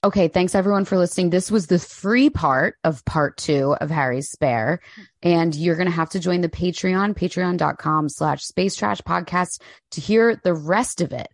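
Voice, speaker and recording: A woman's voice: lowish voice, moderate pace, no room sound, studio quality. A young adult woman co-hosting a podcast in casual chat, blunt and heated, swearing freely. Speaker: podcast co-host.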